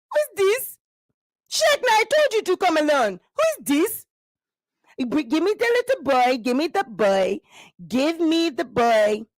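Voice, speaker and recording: A woman's voice: extremely high pitch, dry recording, exaggerated voice. A woman voicing a fierce, protective older village mother who keeps demanding to know who has come. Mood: suspicious. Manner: suspicious, demanding, repeating herself.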